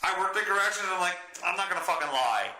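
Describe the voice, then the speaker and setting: A man's voice: high voice, animated, quick pace, sharp tone. A middle-aged man hosting a podcast, telling a crude story in casual chat, swearing constantly and laughing as he goes. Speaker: podcast host. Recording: echoey room.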